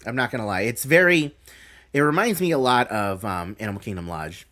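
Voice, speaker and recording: A man's voice: mid-range voice, expressive, brisk, a bit bright. A man hosting a live stream, reading out announcements and thinking aloud with a rambling, casual manner.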